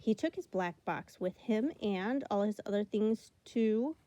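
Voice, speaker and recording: A woman reading a children's picture book aloud, expressive and slowing for emphasis. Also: medium pitch, noisy background. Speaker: storybook reader.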